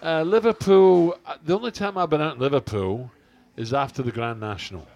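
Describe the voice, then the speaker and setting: A man's voice: fairly high pitch, a little fast, a little mellow, muffled recording. An older man, co-hosting a podcast in casual chat, rambling through jokey anecdotes with plenty of fillers. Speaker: podcast co-host.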